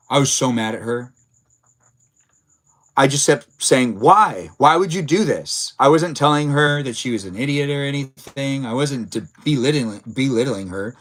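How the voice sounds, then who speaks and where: A man's voice: mid-range voice, fairly bright tone. Male streamer, casual stream host, rambling and filler-heavy, reacts to chat. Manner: rambling, many filler words; reads and answers chat messages. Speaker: livestream host.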